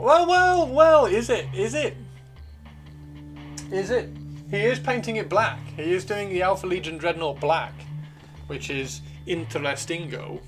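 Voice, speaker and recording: A man hosting a casual livestream, reading out viewer comments, playful and chatty, swearing freely and repeating himself. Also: on the high side. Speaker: livestream host.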